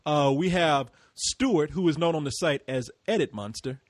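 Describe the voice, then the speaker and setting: An American man hosting a casual group podcast, loud, laughing and swearing freely. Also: on the high side, normal speed, dry recording. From United States. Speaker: podcast host.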